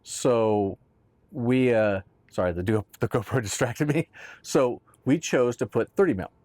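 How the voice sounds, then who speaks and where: A man's voice: mid-range voice, a little slow, a little mellow, no echo. A man casually explaining boat gear in a conversational how-to talk, often checking in with "right?". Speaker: boat owner explaining boat tops.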